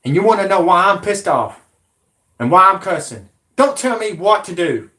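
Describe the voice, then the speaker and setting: A man in his forties with a drawl rants at his audience in a combative, profanity-laced monologue. His voice sits somewhat high for a man. He sounds like a channel host talking straight to camera. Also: animated, normal speed. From Alabama, USA. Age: 40s. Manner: profane, combative, shouting at viewers. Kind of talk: angry ranting monologue.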